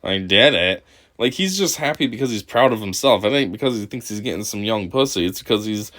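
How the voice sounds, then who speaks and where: A man's voice: mid-range voice, lively intonation, moderate pace. A man giving crude, mocking reaction commentary on a video and laughing often. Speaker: commentary host.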